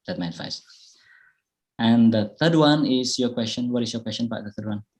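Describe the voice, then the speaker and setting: A man from Bali with an Indonesian accent, answering audience questions in a relaxed, modest way during an online talk. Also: mid-range voice, moderate pace. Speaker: guest speaker. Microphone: video call.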